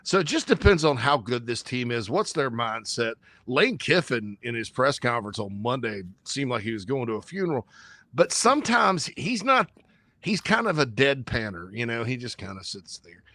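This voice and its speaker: A man co-hosting a casual sports talk show, rambling and joking with sudden jumps in pitch. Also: sing-song, normal speed, pushed and bright, dry recording.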